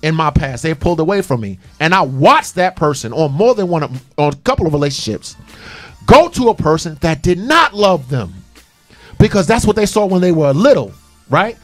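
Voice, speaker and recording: A man with a high, bright-toned voice hosts a call-in radio talk show, preaching his point with repetition and heat. Faint music plays underneath his voice. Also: big pitch swings, moderate pace. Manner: passionate, preachy, repetitive emphasis.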